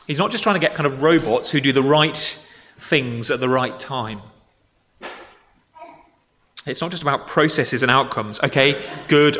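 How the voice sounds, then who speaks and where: Preacher in a reverberant hall. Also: male voice, medium pitch, a bit bright. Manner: conversational, with acted-out grumbling quotes. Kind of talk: sermon.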